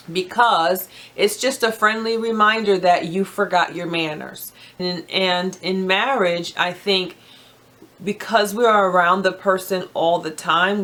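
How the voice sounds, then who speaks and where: A woman's voice: lowish voice, fairly bright tone. Earnest middle-aged woman giving marriage advice. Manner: earnest, frank, reflective, with hesitations. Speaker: marriage vlogger. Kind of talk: casual advice talk to camera.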